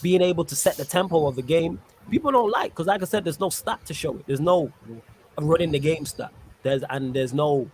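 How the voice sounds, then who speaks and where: Brief: man, casual football podcast host, slangy and lively, faint noise behind. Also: fairly high pitch, a little fast. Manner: laughs often, slangy and lively.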